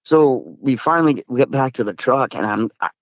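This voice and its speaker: A man from Massachusetts, a guest recounting his encounters in casual storytelling, excitable, with frequent restarts and slang. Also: mid-range voice, a little fast, no echo. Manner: excitable, swears, says dude a lot, frequent restarts.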